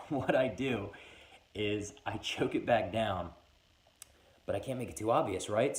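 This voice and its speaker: Young man telling a comic story. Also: fairly low pitch. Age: 20s. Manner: animated, acts out every voice in the story. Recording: echoey room.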